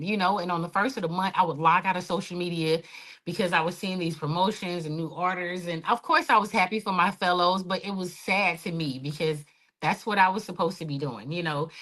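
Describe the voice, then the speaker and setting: A woman in a podcast interview, telling her own story with passion and animated energy. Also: fairly low pitch, fairly quick. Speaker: guest, hike organizer.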